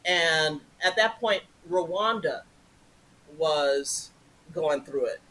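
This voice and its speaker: A middle-aged woman, an improv performer, telling stories as a guest in a casual interview, animated and acting out quotes. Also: sits low, very slow, low-quality recording. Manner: animated, swings into loud acted-out quotes.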